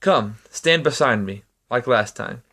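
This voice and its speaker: Guy putting on a hushed bossy young lover, low and slow, calm and in control. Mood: commanding. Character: commanding soft-spoken young man lover.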